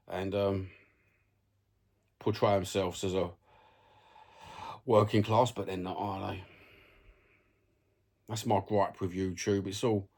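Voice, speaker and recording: A man's voice: fairly low pitch, a little mellow. A young man with a London accent, ranting bluntly to camera about football content, swearing freely in a conversational way.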